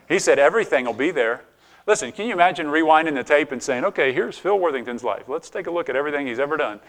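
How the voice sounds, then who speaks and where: A man's voice: a little high, a bit bright. Conversational man preaching a sermon. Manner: conversational preaching, asks the congregation questions, frequent restarts and laughs. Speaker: pastor.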